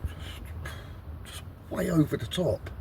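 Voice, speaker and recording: A man's voice: a little high, expressive, noisy background. Exasperated swearing man rambling in woods. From Britain. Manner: exasperated, swears constantly, halting restarts. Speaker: vlogger. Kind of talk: rambling outdoor monologue. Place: woodland outdoors.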